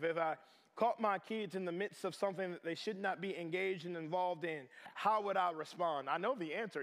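A middle-aged man preaching a sermon as pastor, animated and swinging between loud and hushed. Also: sits high. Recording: reverberant chapel hall.

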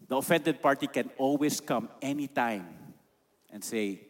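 A man's voice: medium pitch, unhurried. A man with a Filipino accent preaching a sermon emphatically, slipping Tagalog phrases into his English. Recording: long reverb of a large hall.

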